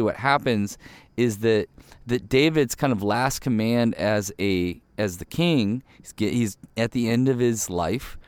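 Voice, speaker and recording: A man's voice: mid-range voice, dry recording. A man hosting a devotional podcast, speaking earnestly and with emphasis, his voice jumping up on key words.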